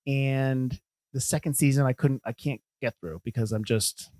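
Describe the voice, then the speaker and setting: A man co-hosting a film podcast, talking in a quick, animated, rambling way with frequent restarts. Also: mid-range voice, no room sound, clean studio sound. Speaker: podcast co-host. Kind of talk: casual chat.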